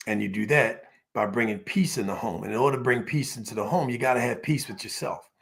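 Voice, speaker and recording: A man's voice: medium pitch, quick pace, gravelly. A man giving a motivational business talk, storytelling in an emphatic, repetitive cadence and calling on the audience to repeat after him. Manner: emphatic, call-and-response with audience. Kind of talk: motivational speech.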